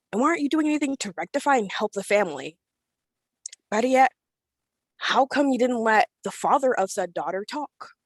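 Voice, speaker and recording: A woman's voice: mid-range voice, slightly rough, no echo. Angry teenage girl on a dry call. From Florida, USA. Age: teens. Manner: angry, confrontational, blunt, swears. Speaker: public commenter at a school board meeting. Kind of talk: impassioned public comment.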